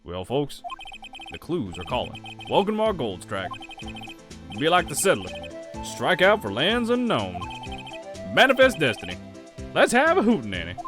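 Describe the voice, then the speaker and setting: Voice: medium pitch, wildly swooping pitch, moderate pace, long pauses, music in the background. A streamer voicing a laid-back, cowboy-styled male patrol officer from a game, reading his lines in a lazy drawl with folksy sayings. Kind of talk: game dialogue read aloud.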